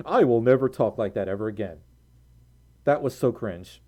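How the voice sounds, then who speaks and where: Tired american streamer, giggly, rambling, mellow dark tone, casual live chat. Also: mid-range voice, lively intonation, normal speed, pauses often. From United States. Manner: giggly, rambling, thanks viewers warmly.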